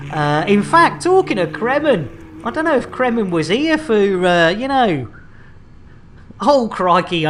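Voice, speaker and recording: Jokey streamer, rambling banter. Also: male voice, sits high, background noise. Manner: jokey, rambling, repeats catchphrases. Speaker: game streamer. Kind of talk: live-stream commentary.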